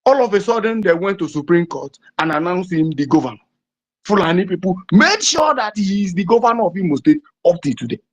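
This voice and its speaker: A man's voice: high-pitched, big pitch swings, brisk. A man from southeastern Nigeria with a Nigerian English accent, giving an impassioned political address with emphatic, repetitive rhetoric. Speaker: political activist. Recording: dull lo-fi recording.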